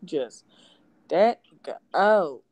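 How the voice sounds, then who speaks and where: Expressive, blunt woman podcast co-host. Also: fairly low pitch, extremely slow, dry recording, dull audio. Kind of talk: casual chat.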